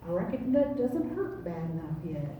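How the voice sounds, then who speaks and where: A man's voice: fairly high pitch, big pitch swings, moderate pace, noisy background, voice pushed down. A woman voicing an old male farmer who drawls his answers in a laid-back, unbothered way, heard from far off in an echoey room.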